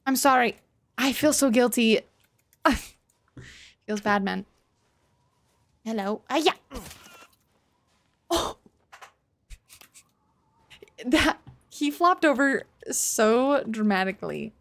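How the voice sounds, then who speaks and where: A woman's voice: fairly high pitch, animated, takes it slowly, vocal fry, long pauses, fairly bright tone. A woman streaming a horror game for the first time, reacting with startled curses and apologizing to the characters. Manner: jumpy, swears when startled, apologetic. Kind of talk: live gameplay commentary.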